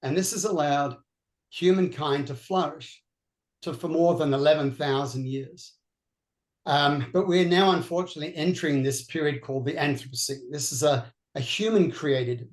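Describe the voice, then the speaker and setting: A man's voice: fairly high pitch, echoey room. Australian-accented man explaining earnestly. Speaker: veterinary neurologist guest. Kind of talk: panel discussion answer.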